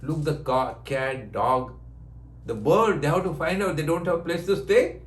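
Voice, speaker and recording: Older man giving a gentle spiritual talk. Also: on the high side, unhurried, reverberant. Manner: short simple phrases, repeating himself, laughing often; non-native English with broken grammar. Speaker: yoga teacher giving blessings. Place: ashram.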